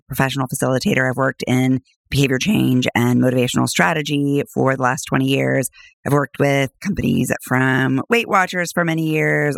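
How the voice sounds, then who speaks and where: A woman's voice: deep voice, creaky, no echo, studio quality. A woman podcast host and coach in casual chat, bubbly and laughing often, with a cold. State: has a cold.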